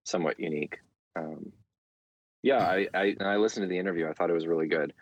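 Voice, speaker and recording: A man speaking as an interview guest in a relaxed, frank conversational way, with frequent small hesitations. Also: deep voice, quick pace, no room sound, dull audio. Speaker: interview guest, market commentator.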